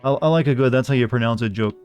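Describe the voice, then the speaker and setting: A man's voice: medium pitch, racing, a little mellow, soft background music. A young man giving casual, offhand commentary while streaming a game, rambling and swearing freely.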